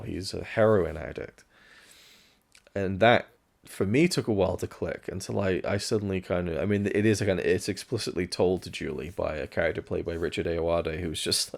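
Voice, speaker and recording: A man's voice: deep voice, creaky, darkish tone. A man giving a casual spoken film review, musing and candid, now and then swearing.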